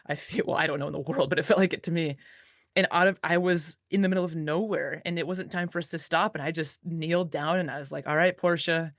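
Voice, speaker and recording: A relaxed woman talking about mushing in a chatty, easygoing way, peppering her sentences with fillers and quick laughs. The sound is dry and close, with almost no room around her voice. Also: deep voice, no echo. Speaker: dog musher, interview guest. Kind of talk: casual storytelling interview.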